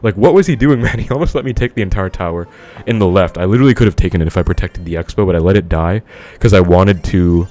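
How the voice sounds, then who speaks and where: A man's voice: deep voice, quick pace, hardly any pauses, darkish tone. A man giving casual live commentary on his own game, thinking aloud and talking to viewers as he plays. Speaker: gaming commentator.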